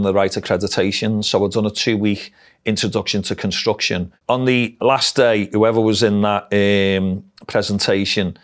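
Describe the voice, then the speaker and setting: A middle-aged man with a Liverpool Scouse accent, telling his life story bluntly and frankly in an interview. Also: on the low side. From Liverpool, England. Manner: blunt, dialect-heavy, frank. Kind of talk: candid personal storytelling.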